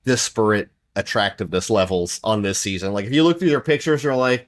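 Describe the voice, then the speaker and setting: A man co-hosting a podcast, chatting casually and rambling with lots of fillers. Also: brisk. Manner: mimics accents with big pitch jumps. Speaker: podcast co-host. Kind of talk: casual chat.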